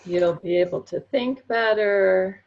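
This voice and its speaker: A woman, a therapy trainer, speaking slowly and reflectively in an online workshop over a video call. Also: medium pitch, lo-fi sound. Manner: slow, reflective, gentle.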